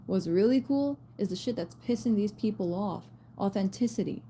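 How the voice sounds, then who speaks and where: A woman giving a casual spiritual message to her viewers, blunt and animated, swearing and using slang as she talks. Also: mid-range voice, moderate pace, a little hiss or hum. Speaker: spiritual reader.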